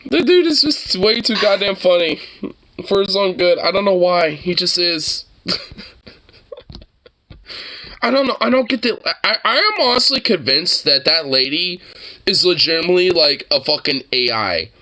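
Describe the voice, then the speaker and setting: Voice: medium pitch, animated, normal speed, sharp tone. A streamer in a casual reaction stream, laughing often, swearing freely and echoing the clip's words back.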